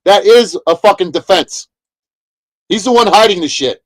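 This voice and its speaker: A man's voice: high voice, lively intonation, moderate pace. A man ranting heatedly on a livestream, profane and repetitive. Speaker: streamer. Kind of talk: angry livestream rant.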